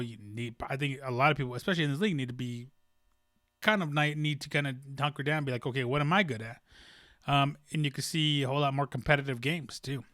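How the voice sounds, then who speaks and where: A man's voice: medium pitch, a bit bright, dry recording, studio quality. A young man hosting a casual solo sports podcast, rambling with many ums and restarts. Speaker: podcast host.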